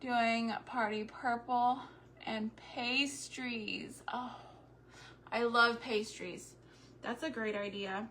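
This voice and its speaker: A woman's voice: on the high side, steady tone, slow pace, bright, forceful tone, slight background noise. Chatty woman livestreaming. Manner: chatty, greets viewers by name, thinks aloud. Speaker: homestead DIY livestreamer. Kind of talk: casual livestream chat while crafting.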